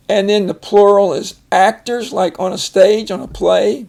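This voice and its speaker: Older male phonics tutor, gravelly fry, unhurried and patient. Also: high-pitched, fairly even intonation, darkish tone. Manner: slow, patient, explains word by word. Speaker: phonics teacher. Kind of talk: casual reading lesson.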